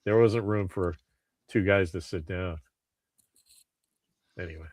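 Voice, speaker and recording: A man's voice: sits low, steady tone, a little slow, darkish tone, no echo, studio quality. A man co-hosting a podcast, chatting casually and rambling with restarts and swearing. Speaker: podcast co-host. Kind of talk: casual chat.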